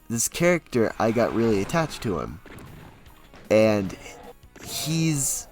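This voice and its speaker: A young man chatting casually to his stream audience, rambling with sudden loud, animated bursts. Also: on the low side. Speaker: streamer and hobby actor. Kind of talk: casual chat to a live stream.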